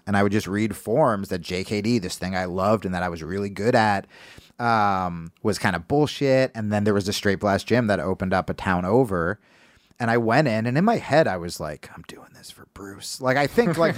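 A man's voice: lowish voice, no echo, clean studio sound. A man from New Jersey, a guest co-host telling stories in casual podcast chat and acting out what others said. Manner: animated storyteller who acts out what others said.

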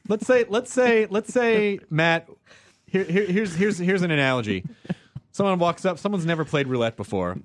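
A man with a fairly high voice hosts a podcast in loose, profane conversation, telling stories with lively energy. The sound is dry and close, with no room around it. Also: moderate pace, no room sound. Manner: profane, animated storytelling. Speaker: podcast host. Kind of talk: casual chat.

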